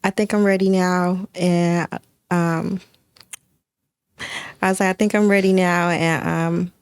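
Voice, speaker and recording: A woman's voice: on the low side, little pitch movement, slow pace, a little mellow, clear, resonant tone, no room sound, clean studio sound. A woman talking as an interview guest in casual chat, earnest and heartfelt, with many fillers.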